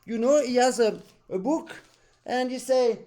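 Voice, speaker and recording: French accordion teacher guy, high voice, animated, hums the tunes, broken english. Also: measured pace. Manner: animated, non-native English, sings and hums phrases. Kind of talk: masterclass coaching.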